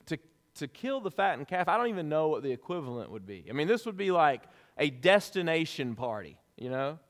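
Pastor guy preaching, kinda high voice, chatty and animated, big echo from the church hall. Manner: conversational, animated preaching with casual asides. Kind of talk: sermon. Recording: long reverb of a large hall.

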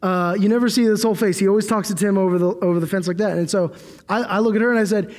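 Talking fast in a high, steady, darkish voice, a young preacher delivers a conversational sermon packed with fillers and restarts. Long reverb from the church hall colors the recording.

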